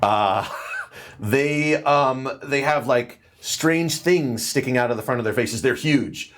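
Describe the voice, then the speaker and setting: A man's voice: medium pitch, a bit bright. A man running a tabletop game as game master, narrating with frequent laughs and fillers. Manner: giggly, halting with many fillers.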